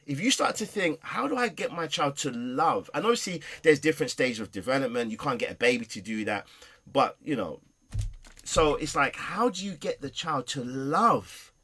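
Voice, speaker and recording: A man speaking as a guest in a casual conversation, explaining his ideas emphatically, with a husky voice. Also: fairly high pitch, sharp tone. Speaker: guest, parenting consultant.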